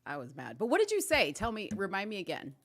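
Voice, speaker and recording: A woman in her thirties hosting a podcast in casual chat, animated and quick to laugh, her voice jumping high when amused. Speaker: podcast host.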